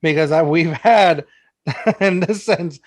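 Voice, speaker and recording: Slow-paced and a little high, a podcast host from San Antonio, Texas chats casually through loose stories. "Like" comes up constantly, and he laughs often.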